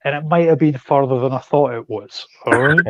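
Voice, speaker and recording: A man's voice: mid-range voice, brisk, noisy background. Joking Scottish man hosting a chat. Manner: joking, teasing banter. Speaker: host. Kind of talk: casual chat.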